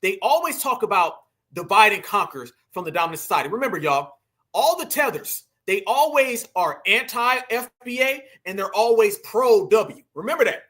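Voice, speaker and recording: A man's voice: sits high, animated, moderate pace, sharp tone. A man hosting a reaction commentary, talking to viewers as family in a mocking, emphatic way. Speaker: commentary channel host.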